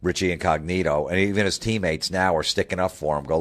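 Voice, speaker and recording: Deep-voiced man in a profane rant. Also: fairly even intonation, fast. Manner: profane, sarcastic, heated ranting. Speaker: radio host. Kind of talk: ranting monologue.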